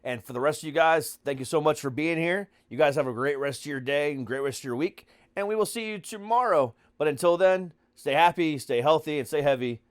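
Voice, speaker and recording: A man's voice: fairly high pitch, a little fast, hardly any pauses, clear, resonant tone, no echo. Man, podcast host, casual joking chat, rambling with fillers, dry close sound.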